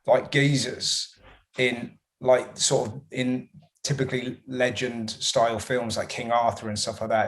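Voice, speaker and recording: A man's voice: mid-range voice, fairly even intonation, moderate pace. A man, a comedian answering interview questions in a rambling, self-interrupting, chatty way.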